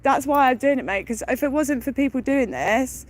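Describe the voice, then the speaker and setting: A woman's voice: sits high, normal speed. A young woman, a vegan activist arguing passionately by a roadside, talking over the other person and apologizing. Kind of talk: heated casual argument. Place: outdoors by a roadside gate.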